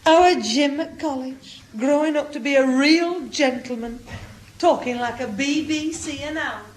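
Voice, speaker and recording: A woman's voice: high voice, measured pace. A woman playing a fussing, doting mother who soothes her family, in a 1960s radio comedy.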